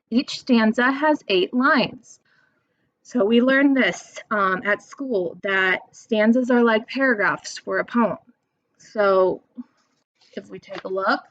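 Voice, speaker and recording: A woman's voice: medium pitch, dry recording. A young adult woman teacher giving a recorded lesson, patiently reading verse aloud and counting out its stressed syllables. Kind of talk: recorded remote lesson for students. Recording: dull lo-fi home recording.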